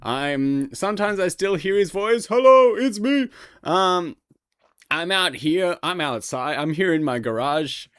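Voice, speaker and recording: A man's voice: fairly high pitch, unhurried, a bit bright, smooth, dry recording, clean studio sound. Hyper, joking male streamer. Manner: playful, hyper, rambling jokes to chat. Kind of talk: casual livestream chat.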